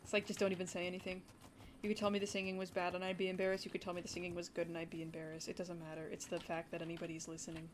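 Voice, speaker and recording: A young woman streaming a game, chatting and rambling to her viewers with excited gasps. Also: lowish voice, very fast, slight background noise. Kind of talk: casual livestream commentary.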